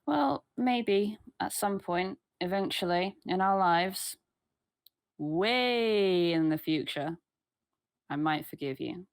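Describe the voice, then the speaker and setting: A woman's voice: on the low side, animated, slow, no echo, studio quality. A woman playing a spiteful young runaway sister in a tabletop game, blunt and petty and swearing freely.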